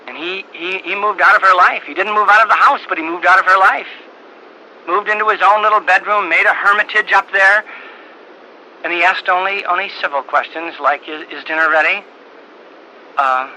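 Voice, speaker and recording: An older man, a priest, telling a personal story in a halting, earnest way with frequent repeated words. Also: high-pitched, sharp tone, low-quality recording. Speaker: priest giving a talk. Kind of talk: storytelling talk. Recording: old tape recording with faint hiss.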